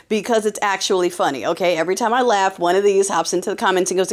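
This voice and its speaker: A woman hosting a political commentary podcast in a casual, sarcastic monologue full of quick asides. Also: mid-range voice, animated.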